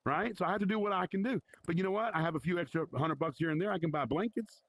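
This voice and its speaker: Higher-voiced man exhorting a Bible study. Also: fast, a bit bright. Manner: conversational, exhorting and challenging listeners. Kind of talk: informal Bible study teaching. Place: virtual reality church meetup.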